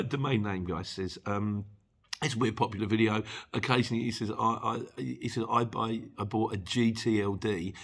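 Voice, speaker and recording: A middle-aged man with a lowish, creaky, husky voice answers his viewers' questions as a channel host. Chuckling often, he keeps the Q&A casual, chatty, and full of jokes about the comments.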